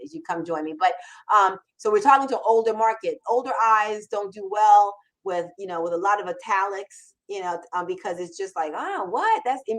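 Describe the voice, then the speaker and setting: A woman's voice: mid-range voice, fairly bright tone, rough recording. A woman copywriting mentor hosting a live Q&A, talking in an emphatic, conversational way with frequent restarts. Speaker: copywriting mentor and show host. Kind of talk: live Q&A chat.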